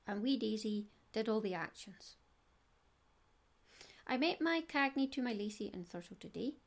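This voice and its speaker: A middle-aged Scottish woman hosting a knitting podcast, chatty and digressive with giggles. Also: medium pitch. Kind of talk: casual solo podcast chat.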